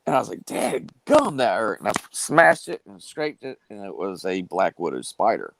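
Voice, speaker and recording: A man's voice: low voice, huge pitch swings, normal speed, vocal fry, noisy background. A man, telling a long story casually on a live stream with plenty of fillers and restarts. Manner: drawling, rambling with many fillers and restarts.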